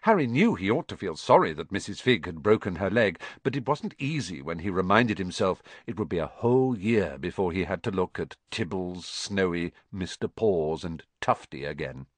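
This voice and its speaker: A man reads a storybook aloud in a lowish voice that rises and falls with the drama. His reading is expressive and animated. The sound is dry and close. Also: normal speed, hardly any pauses, no room sound. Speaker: audiobook narrator. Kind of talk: storybook narration.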